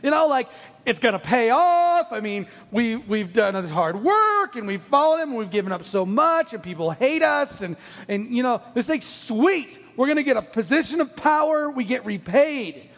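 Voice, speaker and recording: A man with a high voice preaches a sermon and tells the story with lively energy. He acts out each character's lines and laughs often. His voice carries a long reverb, like a large hall. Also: moderate pace. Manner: animated storytelling, acting out quotes, frequent laughs.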